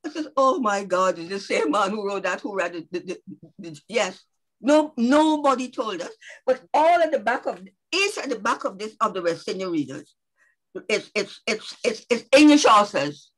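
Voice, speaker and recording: An older woman, reminiscing as a guest speaker on a video call, lively and playful with a rhythmic way of recounting. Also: medium pitch, normal speed, rough recording. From Guyana. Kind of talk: casual reminiscing.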